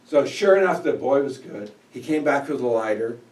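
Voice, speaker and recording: A man at a club meeting telling a memorized fairy tale as a speech, rising loud on the big moments. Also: mid-range voice, lively intonation, moderate pace. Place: meeting room. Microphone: room mic from a distance. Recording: echoey room, distant mic.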